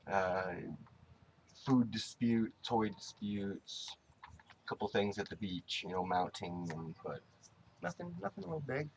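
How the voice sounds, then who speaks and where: Man, very low voice, casual tribute to his dog, rambling, halting restarts, fond. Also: animated, slight background noise. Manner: fondly addresses his dog directly. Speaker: dog owner giving a tribute.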